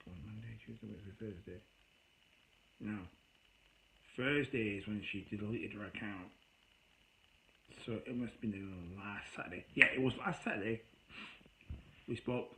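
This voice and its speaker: A man's voice: fairly low pitch, fairly bright tone, slight background noise, poor audio. A tired man telling a personal breakup story to camera, rambling and weary, breaking into angry bursts. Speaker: vlogger.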